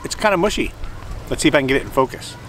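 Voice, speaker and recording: A man's voice: mid-range voice, animated, very fast, fairly bright tone, poor audio. A man rambling casually through a food review with jokey asides, sitting outdoors by the water and filming on a hand-held camera. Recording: outdoor traffic and vehicle noise.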